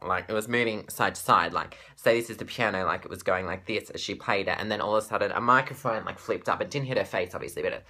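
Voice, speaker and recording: A man's voice: fairly low pitch, quick pace, hardly any pauses, sharp tone. A man with an Australian accent, gushing breathlessly as he recaps a performance in a casual fan vlog and swearing freely. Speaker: pop fan vlogger.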